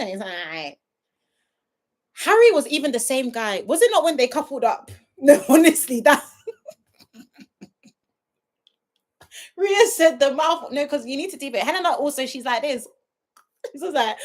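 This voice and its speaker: A woman hosts a casual live review, talking straight to her audience. Her voice sits fairly high and moves expressively up and down. She often dissolves into laughter as she goes. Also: moderate pace. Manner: animated, often breaking into laughter, talking to viewers directly. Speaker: reality TV reviewer hosting a livestream. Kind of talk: casual chat.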